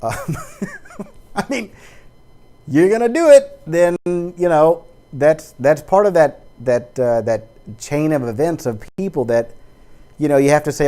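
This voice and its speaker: A man with a Texas drawl rambles straight into his webcam, a casual personal monologue full of fillers and restarts. His voice sits a little higher than most men's. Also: lively intonation, measured pace, warm tone.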